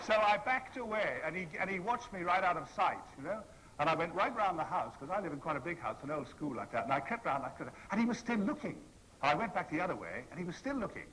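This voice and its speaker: A man in his sixties holds a convention audience with a rambling anecdote, his bright, ringing voice leaping up and down as he acts out each person he quotes. He speaks into a stage microphone in a hall with a faint hum of noise behind him. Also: fairly high pitch, very animated, fast. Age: 60s. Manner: theatrical, playful, acts out the people he quotes. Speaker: convention panel guest.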